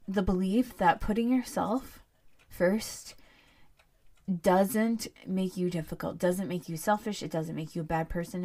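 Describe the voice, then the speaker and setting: A woman hosting her own podcast, talking candidly in a rambling, heartfelt solo monologue that turns animated when she rants. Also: medium pitch. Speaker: podcast host.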